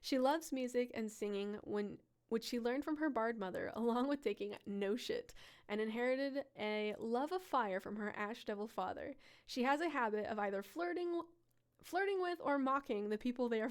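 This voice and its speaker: Giggly woman hosting a live stream. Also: a little high. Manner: laughs often, chatty with viewers. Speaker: live-stream storyteller host. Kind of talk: casual live-stream reading.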